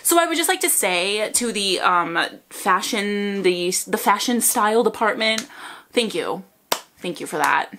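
A woman reacting to a music video, gushing, swearing and squealing with excitement as she comments. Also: mid-range voice, a little slow, slight background noise. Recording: loud music under voice. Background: music video playing.

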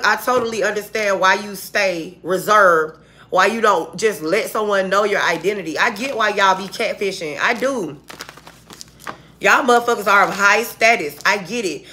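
A woman's voice: mid-range voice, pushed and bright, slight background noise. A woman giving a casual, heated tarot reading to viewers, speaking bluntly with lots of cursing. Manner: blunt, profane, heated street talk. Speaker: tarot reader.

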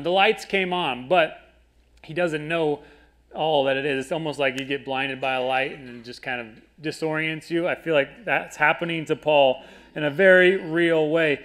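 A young man preaches in a casual, conversational style. He reads verses aloud and then retells them in everyday words. His voice sits on the higher side. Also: fairly even intonation, normal speed, a bit bright. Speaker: pastor. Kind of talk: sermon, Bible teaching.

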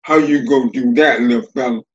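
A man's voice: mid-range voice, fairly even intonation, fairly quick, lo-fi sound, close to an everyday voice. A man voicing a big, strong, boastful male bear with a folksy drawl.

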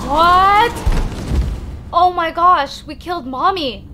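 Very high-voiced jumpy young woman gamer. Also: a little slow, background noise. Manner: jumpy, excitable, panicky reactions. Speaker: gaming channel host. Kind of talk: horror game let's play commentary. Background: game music.

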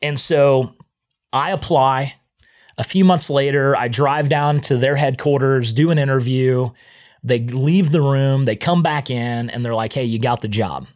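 A man who is a podcast guest, telling his own story in a casual, animated way and often acting out what he once said. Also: mid-range voice, measured pace.

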